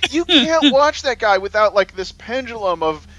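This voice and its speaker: A man's voice: extremely high pitch, moderate pace, dull audio. A man co-hosting a gameplay video, telling stories animatedly in casual banter. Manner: animated storytelling with laughter. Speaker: let's play co-host.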